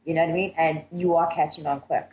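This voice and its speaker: A woman's voice: sits low, steady tone, fast, a little mellow, highs cut off. A woman hosting a psychic radio show, talking in an earnest, emphatic way and laughing often. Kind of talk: radio talk show chat. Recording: echoey studio with faint hiss.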